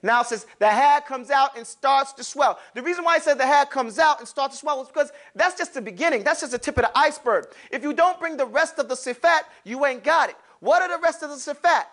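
A man's voice: very high-pitched, brisk, few pauses. A man teaching Arabic letters to a class, asking questions and calling on students, with casual slang asides. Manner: lively, calls on students, asks and answers his own questions. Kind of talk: classroom lesson.

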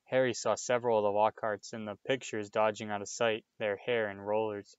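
A man reading a children's novel aloud in a steady, measured way. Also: lowish voice, smooth, no echo, highs cut off. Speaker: reader. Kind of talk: audiobook read-aloud.

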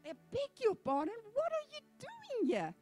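Storytelling bit, woman playing a big king-of-the-jungle lion, loud and indignant, high-pitched. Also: wildly swooping pitch, moderate pace, soft background music, heavily acted.

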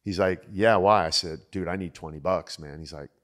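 A man's voice: sits low, moderate pace. A middle-aged man hosting a casual chat, telling stories and acting out the quotes. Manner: animated storyteller acting out quotes. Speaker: podcast host.

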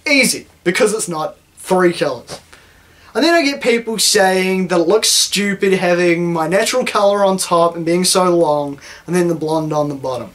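A young New Zealand man with a Kiwi accent rants in a satirical vlog, full of sarcasm and swearing with mock indignation. This YouTuber's voice is high and a bit bright, at a normal pace.

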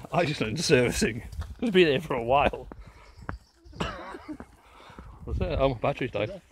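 A man's voice: mid-range voice, expressive, measured pace. An Irish man in casual joking banter on a walk, swearing and laughing often, recorded on a phone outdoors with noise. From Ireland. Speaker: vlog co-host. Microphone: phone held while walking.

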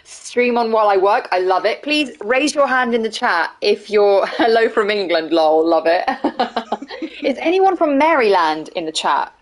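A woman's voice: mid-range voice, animated, moderate pace. A middle-aged woman hosting a casual live stream, bubbly and laughing often as she greets viewers. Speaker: streamer and host.

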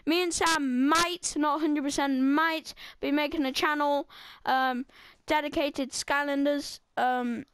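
A woman hosts casual gameplay commentary, rambling with plenty of fillers and blunt asides while game music plays behind her. Her voice sits high and a bit bright, with a steady tone, a slow pace and few pauses, and there's no room sound.

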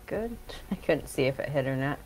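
A woman's voice: very deep voice, expressive, normal speed, faint music behind. A woman playing a tabletop game who speaks casually and keeps asking about the rules. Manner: casual, asks rule questions. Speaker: player.

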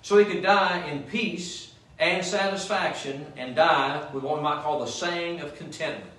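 A man's voice: on the high side, measured pace, fairly bright tone. A male pastor preaching a sermon in a church, often asking the congregation "Amen?" as he goes. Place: church sanctuary. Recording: echoey church room, mic at a distance.

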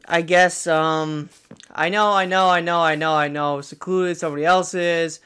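A young man hosting a let's play, talking through a horror game and repeating words excitedly when scared. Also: fairly high pitch, a little slow, clear, resonant tone. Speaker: gaming channel host.

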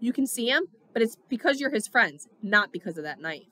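A woman voicing a calm male hospital doctor who speaks steadily and firmly. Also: a little high, exaggerated voice. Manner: steady and measured.

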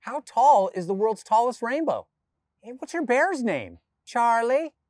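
A man voicing an excitable young child full of questions in a storybook reading. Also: very high voice, a little slow, no room sound, voice pushed up, exaggerated voice. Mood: curious.

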